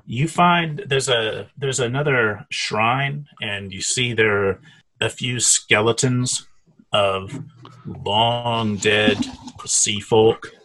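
Mellow-toned man running a tabletop game. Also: lowish voice, slow. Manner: hesitant, many fillers and restarts. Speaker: game master.

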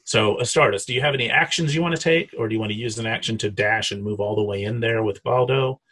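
Man, tabletop game master, husky low voice, halting delivery. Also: pushed and bright. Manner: hesitant, many fillers and restarts.

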